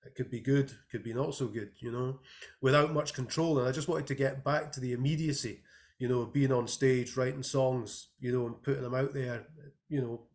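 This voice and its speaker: A man's voice: mid-range voice, fairly even intonation, normal speed, a little mellow. A man, a musician and composer, talking thoughtfully over a video call with many hesitant fillers. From Scotland. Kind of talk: casual interview talk.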